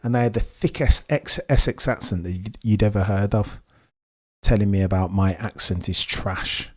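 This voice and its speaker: A young man with a Birmingham accent and a low voice, talking over a motor race as it happens. He chats casually and excitably, reacting to the action and answering his viewers. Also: moderate pace. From England. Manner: chatty, excitable, reads and answers viewer messages. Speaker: livestream host. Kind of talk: casual live race commentary.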